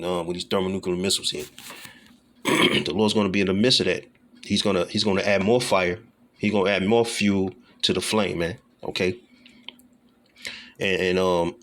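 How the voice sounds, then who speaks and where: Low-voiced man preaching casually. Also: fairly bright tone, a little hiss or hum. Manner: reads verses slowly, tags lines with "man" and "all right"; repeats and restarts phrases, clears throat. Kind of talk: casual scripture teaching.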